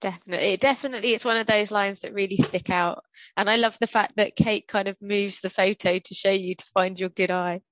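A woman's voice: mid-range voice, steady tone, brisk, fairly bright tone, no room sound. Enthusiastic woman host, dull dry sound. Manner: enthusiastic, effusive questions. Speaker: podcast host. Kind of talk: casual podcast interview.

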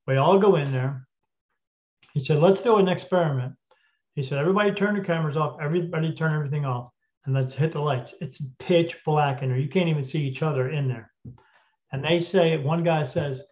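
Male podcast guest, slightly high voice, retells a story with acted-out dialogue, frequent throat clearing, lo-fi recording. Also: fairly quick. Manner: animated retelling with quoted dialogue. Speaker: guest spirit medium. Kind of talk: casual storytelling. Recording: dull lo-fi audio.

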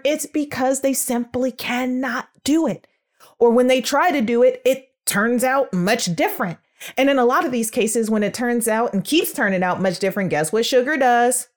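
Lively higher-voiced woman teaching. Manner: lively, demonstrates sounds aloud; calls listeners sugars and world changers. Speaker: speech development educator. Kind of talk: educational podcast talk.

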